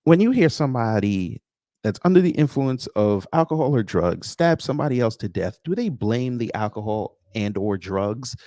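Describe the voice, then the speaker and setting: Man, livestream host, sarcastic, very animated pitch, dry sound. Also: no room sound. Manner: sarcastic, greets chat viewers by name. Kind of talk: commentary livestream.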